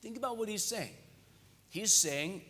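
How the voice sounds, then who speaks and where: Man, pastor preaching, fairly high voice, joking conversational delivery, church hall echo. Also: animated, measured pace, bright, forceful tone. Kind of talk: sermon. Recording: echoey church hall reverb.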